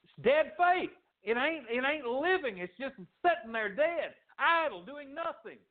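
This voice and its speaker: A man preaching a fiery sermon as pastor, swinging from shouts to low, quiet lines. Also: expressive, unhurried. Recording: tinny phone-like sound.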